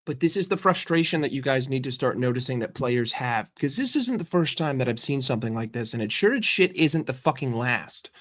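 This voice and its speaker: A man's voice: mid-range voice, expressive, a little fast, few pauses, a bit bright. An American man giving a heated, profane football reaction rant with lots of emphatic repetition. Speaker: football fan commentator.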